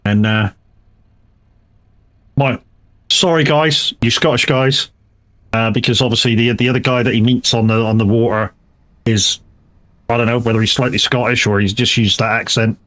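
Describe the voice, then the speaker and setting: A man's voice: mid-range voice, steady tone, normal speed, long pauses, a bit bright. Rambling, casually swearing male streamer. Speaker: live-stream gamer. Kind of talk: casual live-stream chat.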